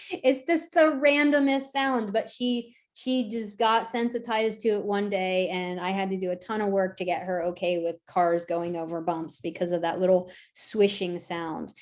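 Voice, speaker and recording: A woman leads a dog-training workshop at a mid-range pitch. She talks casually and keeps checking in with her listeners. Now and then she acts out the people and dogs she quotes. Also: a little mellow. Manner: conversational, acts out quoted voices, frequent "right?" tags. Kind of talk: online workshop talk.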